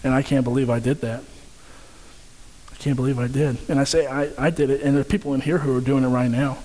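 A man's voice: mid-range voice, steady tone, fast, darkish tone, big-room sound, low-quality recording. A man preaching a sermon in an earnest, direct way, often repeating phrases for emphasis. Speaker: pastor.

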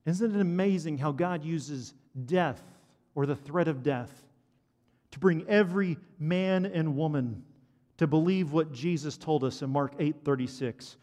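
A man preaching a sermon to a congregation, animated and asking the listeners questions. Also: fairly high pitch, measured pace. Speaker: pastor. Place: church hall. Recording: long hall reverb.

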